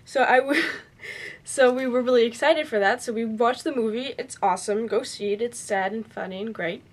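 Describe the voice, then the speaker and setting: A woman's voice: a little high, normal speed. A young woman chatting casually to her vlog camera, telling a story in a bubbly, chatty way. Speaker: vlogger.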